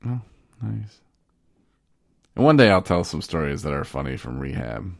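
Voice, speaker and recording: Deep gravelly man telling a story. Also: normal speed, dry recording, clean studio sound. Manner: rambling, animated, laughs often. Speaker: podcast host. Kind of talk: casual storytelling.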